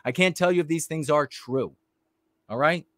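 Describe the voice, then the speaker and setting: A man delivers heated, blunt political commentary on a livestream. He speaks in halting bursts full of fillers and restarts. His voice sits on the high side and is recorded dry and close. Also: a bit bright, no echo.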